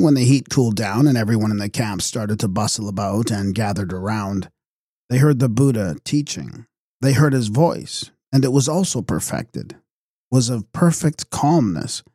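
Man, audiobook narrator, calm measured reading, mellow tone, dry sound. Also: mid-range voice, dry recording.

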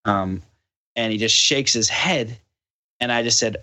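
Bright-voiced man telling a story. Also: medium pitch, a little slow. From Canada. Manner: animated, acts out quoted dialogue. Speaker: podcast guest. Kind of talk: casual storytelling.

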